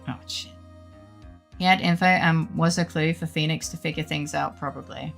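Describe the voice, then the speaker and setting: A woman's voice: sits low, fairly even intonation, moderate pace, vocal fry, soft background music. A woman streaming a game while sick with a fever, chatting playfully with her viewers and swearing freely. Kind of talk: casual let's-play commentary.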